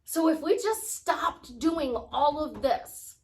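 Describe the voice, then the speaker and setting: A woman's voice: sits high, animated, slow pace, hardly any pauses, a little hiss or hum. Woman, life coach, casual spiritual chat, rambling, acts out small conversations. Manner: chatty, rambling, acts out little dialogues. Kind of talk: casual spiritual talk to camera.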